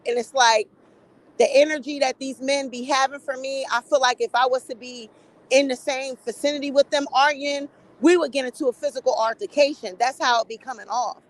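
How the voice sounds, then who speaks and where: A middle-aged woman giving casual opinion commentary in a blunt, profane, animated gossip style. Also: high-pitched, brisk, rough recording. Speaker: commentary vlogger.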